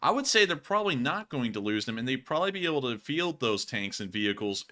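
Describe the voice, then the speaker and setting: A man hosting a livestream, explaining tactics and thanking donors in a relaxed, chatty way. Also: medium pitch, fast talker. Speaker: livestream host. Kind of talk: casual stream commentary.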